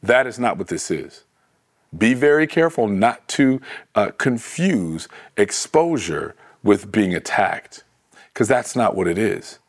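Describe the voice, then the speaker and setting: A man preaching a sermon in a conversational, animated way, often restarting his words. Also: fairly low pitch, measured pace.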